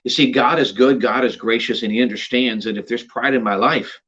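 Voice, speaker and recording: A man preaching a devotional message with a husky, slightly breathy voice. He is earnest, swelling to emphatic highs before sinking into quiet, intimate lines. The sound is dull and lo-fi, like a livestream. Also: steady tone, a little fast. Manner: earnest, builds to emphatic rises then drops to a hush. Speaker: pastor. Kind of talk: devotional sermon.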